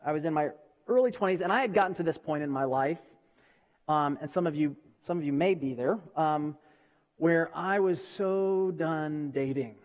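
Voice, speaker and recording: Male pastor, middle-aged, chatty and halting, high voice, long hall reverb. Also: lo-fi sound. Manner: chatty, halting, frequent restarts and repeated words. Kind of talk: conversational sermon. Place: church hall.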